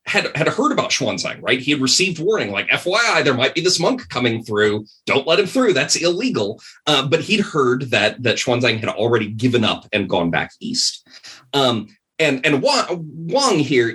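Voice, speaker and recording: A man tells a story as a podcast guest, rambling casually and leaning on fillers. His pitch moves around a great deal, and his voice sounds bright. It also has a noticeably husky edge. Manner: rambling, animated, many fillers. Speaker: podcast guest, game designer.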